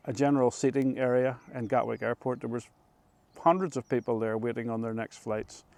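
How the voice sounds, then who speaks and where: A middle-aged man with a Northern Irish accent telling a story to camera in an unhurried, chatty way, often restarting his phrases. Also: medium pitch, darkish tone, smooth, no echo. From Northern Ireland. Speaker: vlogger. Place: rooftop of an old control tower, outdoors.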